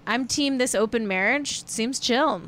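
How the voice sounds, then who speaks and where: A woman's voice: a little high, measured pace, fairly bright tone, slight background noise. A woman hosting a casual celebrity gossip stream, chatty and rambling, breaking into sing-song riffs. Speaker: host.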